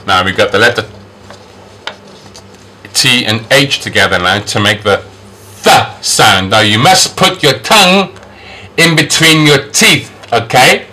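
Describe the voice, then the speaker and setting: A man's voice: lively intonation, a little slow, pauses often, bright, forceful tone. A man teaching English phonics, sounding out each sound and repeating the example words several times. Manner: pitch jumps up on model words. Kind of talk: phonics lesson.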